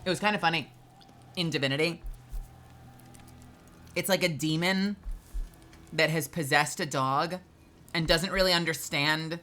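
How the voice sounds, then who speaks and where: A woman with a low, forceful voice talks through a game stream, animated and quick to exclaim. Faint game music plays behind her. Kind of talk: live game stream commentary.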